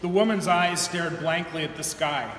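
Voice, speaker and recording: Author reading own novel, measured, fairly high voice; live hall, roomy reverb. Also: male voice, fairly even intonation. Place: museum reading event, large indoor hall. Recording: echoey hall reverb, faint room hum.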